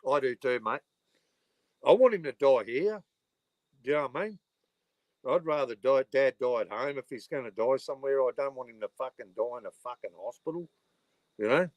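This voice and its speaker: A middle-aged man with an Australian accent rambles through a casual livestream, swearing freely and padding his talk with "you know." His voice sits at an ordinary pitch for a man. The sound is dry and close, with no room echo. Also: lively intonation, a little fast, long pauses. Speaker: livestreaming channel host.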